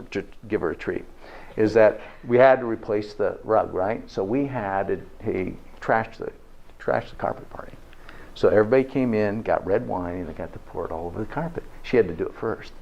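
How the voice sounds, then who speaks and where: A man giving a live health lecture to an audience in a folksy way, tagging his points with "okay?" and asking the room questions. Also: medium pitch. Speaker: health presenter. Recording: dull lo-fi recording.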